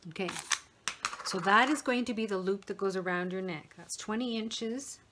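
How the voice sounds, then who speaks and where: A middle-aged woman explaining a sewing project step by step in a relaxed manner, talking while she works with her hands. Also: medium pitch, normal speed, background noise. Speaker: sewing tutor. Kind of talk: step-by-step craft tutorial.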